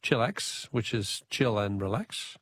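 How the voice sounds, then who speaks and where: Genial Australian radio quiz host. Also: male voice, lowish voice, expressive, unhurried, slight background noise. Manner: genial, chatty, reads out texts. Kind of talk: late-night radio phone-in.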